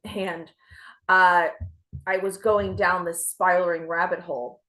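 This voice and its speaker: A young adult woman doing a stand-up set with a self-deprecating, deadpan delivery. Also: fairly low pitch, a little slow. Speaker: stand-up comedian.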